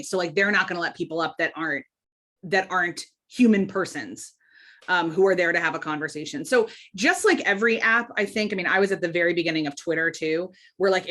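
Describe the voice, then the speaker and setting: A woman with a fairly low-pitched voice speaks as a podcast guest in relaxed interview conversation. She sounds emphatic and candid, often breaking off and restarting mid-thought. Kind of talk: casual interview chat.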